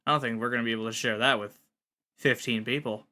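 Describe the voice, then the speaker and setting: A man narrating as game master of a tabletop role-playing game, quickly switching between voices. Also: mid-range voice, fairly even intonation, sharp tone.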